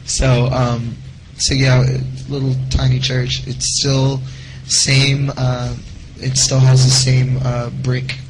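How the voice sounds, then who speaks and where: Flat-voiced man with a slight Southern drawl. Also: mid-range voice, takes it slowly, background noise. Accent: Louisiana. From Louisiana. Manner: humble, easygoing, laughing softly. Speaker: guest singer. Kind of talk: casual interview talk.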